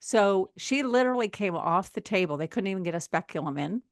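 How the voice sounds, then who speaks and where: A woman's voice: medium pitch, animated, fairly quick, no room sound. A woman in her sixties talks casually on a health show. She tells stories with animation and slips into the voices of the people she quotes. Her voice sounds dry and close, with no room sound. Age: 60s. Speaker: health podcast co-host. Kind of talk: casual chat.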